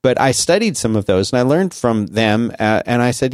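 A man's voice: mid-range voice, moderate pace, a little mellow, no echo. Forties guy rambling on a podcast, lots of likes and you knows, dry close mic. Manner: rambling, many restarts and fillers. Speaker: podcast co-host. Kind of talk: casual conversational chat.

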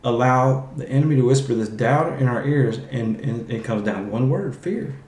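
Man, podcast host, casual Bible talk, mid-pitched voice, echoey room. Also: normal speed, darkish tone. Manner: conversational, restarts phrases, acts out Bible quotes.

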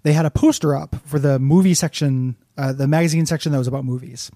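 A man co-hosting a podcast who wanders through long anecdotes with a dry delivery. His voice is mellow and warm. The recording is close and dry, with no room sound. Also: on the high side, quick pace, no room sound. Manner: rambling storyteller, dry. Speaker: podcast co-host. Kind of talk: casual chat.

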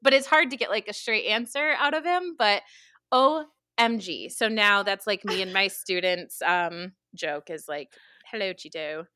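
Chatty young woman, bright dry voice. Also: mid-range voice, a little slow, no room sound. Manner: chatty, animated storytelling with frequent laughs and fillers. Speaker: podcast co-host. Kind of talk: casual chat.

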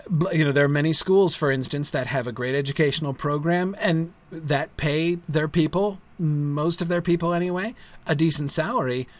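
A middle-aged school founder speaks informally to his livestream viewers in a fairly high voice. He often tacks a tag question onto the end of a point and halts repeatedly with fillers and restarts.

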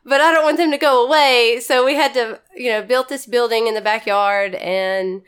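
A woman's voice: a little high, fairly even intonation, moderate pace, a bit bright, clear, resonant tone. A woman from Mississippi, a podcast guest telling stories casually with laughs. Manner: chatty, laughing, says y'all. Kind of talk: casual storytelling.

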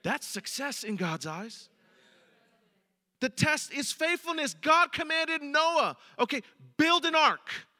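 A male pastor preaching a sermon in a very high, piercingly bright voice. He talks to the congregation in a conversational way. His voice rings with a long reverb in a large hall. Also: animated, slow pace.

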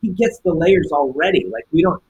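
A man's voice: a little high, brisk, lo-fi sound, a little hiss or hum. A man, a film director, telling a story in a casual interview and acting out the quoted lines. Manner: animated, acts out quoted dialogue.

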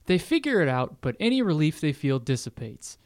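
A man co-hosting a casual podcast, reading a plot summary and tossing in jokes as he goes. His voice sits a little high and moves through a wide, lively pitch range. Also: a little fast. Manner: reads plot summary with jokey asides. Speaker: podcast co-host recapping an episode. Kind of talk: casual recap chat.

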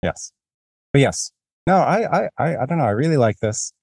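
A man hosting a podcast talks through a book in a casual, rambling, self-deprecating way, restarting often. His mid-range voice is sing-song with a darkish tone at normal speed, in a dry recording.

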